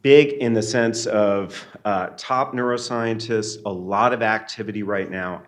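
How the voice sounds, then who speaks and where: A man, a neuroanesthesiologist, giving a keynote lecture in a measured, earnest and reflective way. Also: on the low side. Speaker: keynote speaker. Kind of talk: academic lecture. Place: lecture hall.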